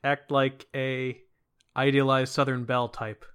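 A man playing in a tabletop game, chatting casually and making quick joking asides. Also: medium pitch, little pitch movement, a bit bright, clear, resonant tone. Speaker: player.

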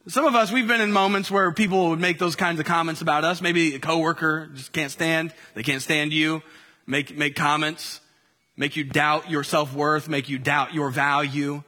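A man's voice: high voice, moderate pace, sharp tone, long reverb tail. A man preaching a sermon in an easy conversational way, full of fillers and restarts. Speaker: pastor.

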